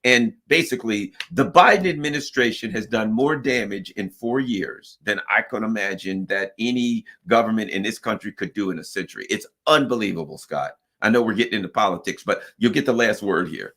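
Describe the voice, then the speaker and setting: A man hosting casual political talk, emphatic and halting with fillers. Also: fairly low pitch, a bit bright. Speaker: host.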